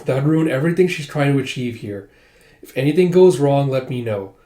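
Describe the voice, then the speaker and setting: A man voicing a blunt, loyal young warrior from a comic in a low, even reading. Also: a little fast, natural voice. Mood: determined. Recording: echoey room.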